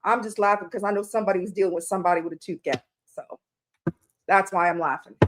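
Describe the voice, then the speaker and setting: A woman's voice: mid-range voice, quick pace. A woman reading tarot on a casual live stream, chatty and rambling, greeting viewers by name and laughing at her own slips.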